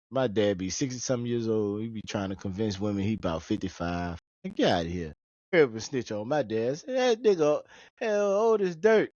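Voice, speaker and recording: A man hosting a podcast in casual chat, an animated storyteller who jumps into high-pitched voices when he quotes people. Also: no echo, dull audio. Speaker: podcast host.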